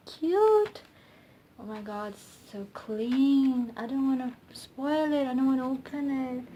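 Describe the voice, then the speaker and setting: A young woman with a fairly high voice talks slowly through an unboxing vlog, gushing over each item. She squeals in delight and drops into soft, breathy asides. Faint room noise sits behind her. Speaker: vlogger.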